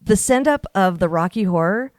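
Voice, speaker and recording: Woman, podcast host, animated intonation, dry recording, playful, talkative. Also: medium pitch, moderate pace, dry recording. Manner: laughs easily, playful and talkative. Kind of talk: casual interview chat.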